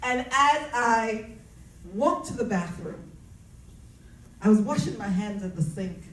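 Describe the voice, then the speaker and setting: Woman, higher voice, earnest preaching testimony with repeated phrases; recorded from a distance in a roomy space. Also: lively intonation, a little slow, a little hiss or hum. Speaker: speaker sharing personal testimony. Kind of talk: faith-based testimony talk.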